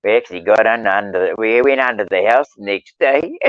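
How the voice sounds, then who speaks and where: Man, New Zealand accent, low voice, halting casual storytelling, dry lo-fi sound. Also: smooth, dry recording. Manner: halting, many restarts and fillers. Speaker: podcast guest, stonemason. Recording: dull lo-fi sound.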